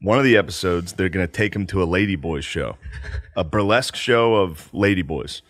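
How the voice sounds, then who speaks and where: A man's voice: low-pitched, brisk. A man in his thirties telling funny stories in a casual podcast chat, breaking into laughing impressions. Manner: animated storytelling, bursts into loud laughing impressions. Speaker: comedian guest.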